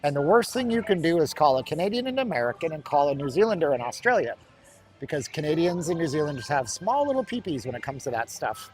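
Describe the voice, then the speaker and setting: A man's voice: on the high side, big pitch swings, fast, a little mellow, soft background music. A man hosting a casual walking-tour livestream outdoors, chatting and joking with viewers as he walks. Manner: chatty, joking, laughs often. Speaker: livestream host. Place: outdoors at an outlet mall.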